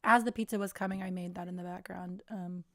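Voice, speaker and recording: A woman's voice: fairly low pitch, fairly even intonation, quick pace, no echo, studio quality. A woman hosting a casual livestream, chatting in a rambling way and often trailing off mid-thought. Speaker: livestream host.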